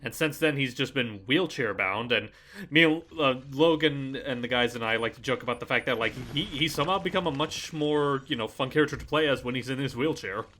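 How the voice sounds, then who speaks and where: A man's voice: mid-range voice, a little fast, bright, forceful tone, slight background noise. A man co-commentating a game with friends, jokey and rambling as he explains things. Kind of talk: casual chat.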